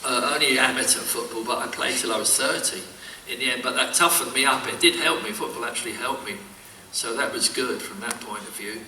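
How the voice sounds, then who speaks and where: A man's voice: medium pitch, brisk, few pauses, pushed and bright, slight background noise. An older man chatting as a convention panel guest, telling rambling anecdotes full of false starts, recorded at a distance in an echoey hall. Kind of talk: casual panel chat.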